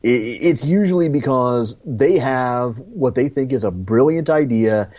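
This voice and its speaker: A man co-hosting a podcast, speaking in a wry, measured way in casual chat. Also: mid-range voice, animated, warm tone, dull audio. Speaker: podcast co-host.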